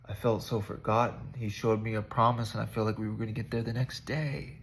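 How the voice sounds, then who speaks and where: A man's voice: fairly low pitch, level tone, a little fast, slight background noise. A man giving a rambling, conversational devotional talk to his viewers, joking at himself as he encourages them. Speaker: vlogger giving spiritual encouragement.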